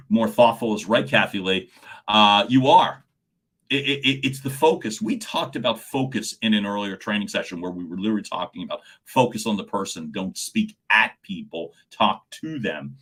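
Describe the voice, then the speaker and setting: Lively, animated male coach. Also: medium pitch, slightly rough. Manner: animated, answers viewers' chat comments by name; stumbles and repeats words when excited. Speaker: communication coach. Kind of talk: livestream coaching talk.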